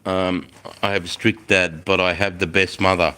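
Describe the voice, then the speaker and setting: A man's voice: low voice, little pitch movement, moderate pace, bright, forceful tone, smooth. An Australian man in his forties, chatting casually on a livestream into his phone, laid-back, swearing freely and chuckling often. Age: 40s. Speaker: livestream host.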